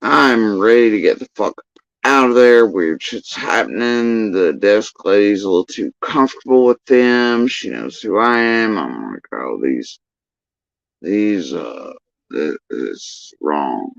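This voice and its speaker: Rambling through a profane, agitated account of things that happened to him, a man on a livestream keeps circling back over the same points. His voice is lowish, gravelly, and animated, moving at a measured pace, captured in a dry recording with dull, lo-fi stream quality.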